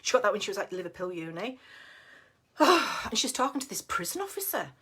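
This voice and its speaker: A woman's voice: mid-range voice, very animated, brisk, pushed and bright, breathy edge. A middle-aged woman giving a casual, blunt motivational talk as a team leader, chatty and down-to-earth with frequent laughs. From United Kingdom. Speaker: network marketing team leader.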